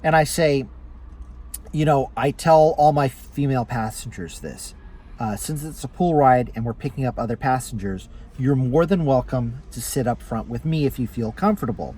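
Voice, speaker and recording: A man who drives for a ride-hail service, telling stories to camera in a casual way and jumping into higher voices when he acts out his passengers. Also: normal speed, warm tone, rough recording. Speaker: rideshare driver and vlogger. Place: inside a car.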